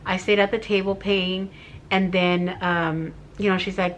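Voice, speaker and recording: A middle-aged woman shares a heartfelt personal story with her viewers, her voice tearful as she goes. She rambles with fillers in a mid-pitched, casual way, speaking straight to camera. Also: steady tone, normal speed, a bit bright, slight background noise. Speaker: vlogger.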